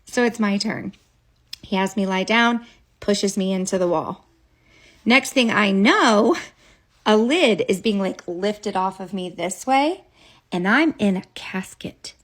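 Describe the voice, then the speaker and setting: A woman's voice: mid-range voice, expressive, takes it slowly. A woman telling a childhood story straight to a phone camera, casual and dramatic, with chatty asides.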